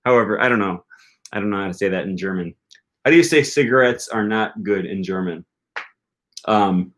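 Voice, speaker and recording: A man with a fairly low voice chats casually through a livestream Q&A. He rambles and hesitates, with plenty of filler words between his thoughts. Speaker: language-learning channel host.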